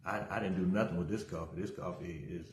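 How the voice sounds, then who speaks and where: A man's voice: deep voice, fairly even intonation, fast, a little hiss or hum. A middle-aged male pastor giving a casual livestream sermon. He talks energetically, greets viewers by name and tells a story from his own life. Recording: roomy echo.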